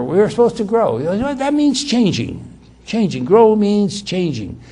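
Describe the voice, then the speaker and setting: This sermon comes from a high-pitched man who is very animated and speaks a little slowly, with a breathy edge. He restarts sentences, hammers key words through repetition, and moves from loud, emphatic stretches to hushed asides.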